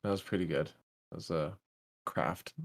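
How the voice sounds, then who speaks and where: A man's voice: low-pitched, normal speed, creaky. A young man co-hosting a podcast, telling stories casually with lots of laughter and swearing. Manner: laughing, swearing, animated storytelling. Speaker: podcast co-host. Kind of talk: casual chat.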